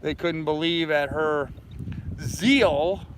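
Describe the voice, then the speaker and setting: A man's voice: fairly high pitch, normal speed, fairly bright tone, low-quality recording. An older man vlogging casually from his boat outdoors in a marina, rambling and greeting passing neighbors. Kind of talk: casual chat to camera. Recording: wind noise outdoors by the water.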